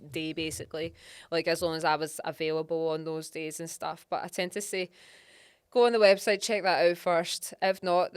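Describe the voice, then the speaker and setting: Chatty Scottish woman, smooth dry voice. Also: sits low, dry recording. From Scotland. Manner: chatty, animated storytelling, often laughing. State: pregnant. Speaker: podcast host and geologist. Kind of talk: casual podcast chat.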